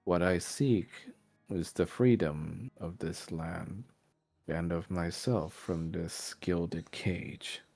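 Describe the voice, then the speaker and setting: A man's voice: deep voice, creaky, dark tone, faint music behind, heavily acted. Man playing Strahd, a grave ancient vampire lord. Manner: slow, grave, formal speech. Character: ancient male vampire lord, suave and brooding.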